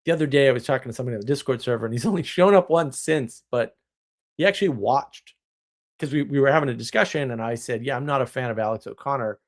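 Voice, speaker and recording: A man in the middle of a casual live stream, reacting to chat with strong opinions and plenty of rambling restarts. His voice sits at an ordinary pitch for a man. It is recorded close on a desk microphone at home. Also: lively intonation, quick pace.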